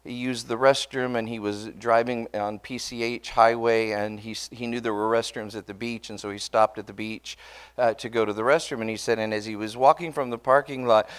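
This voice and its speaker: A man's voice: mid-range voice, fairly even intonation, brisk, clear, resonant tone. Earnest man telling a sermon story. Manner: conversational and earnest, often restarting words; addresses the congregation directly. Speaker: pastor. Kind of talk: sermon told as a personal story.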